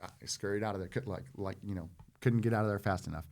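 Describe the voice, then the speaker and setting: A man in his forties, a former Marine guest on a podcast, telling a story in a loose, animated way and acting out what others said. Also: lowish voice, fast talker, vocal fry. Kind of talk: casual storytelling.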